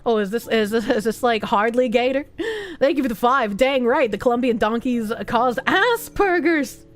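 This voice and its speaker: A woman's voice: on the high side, expressive, normal speed. A young woman streaming, chatting casually, reading chat aloud, and swearing freely as she talks. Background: faint music.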